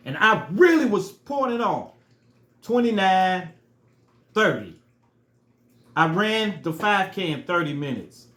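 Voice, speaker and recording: A man's voice: high voice, fairly bright tone, reverberant. A man telling a personal story in a casual, earnest way, repeating phrases for emphasis. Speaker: storyteller vlogger.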